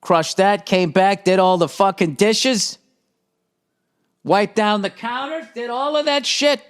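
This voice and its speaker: A Boston man in his fifties hosts a podcast alone, telling a long comic rant full of swearing. His voice sits a bit on the high side. He stays exasperated and often slips into impressions of other people. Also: slow pace. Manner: profane, exasperated, mimics others mid-story. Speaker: podcast host. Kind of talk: comedic ranting monologue.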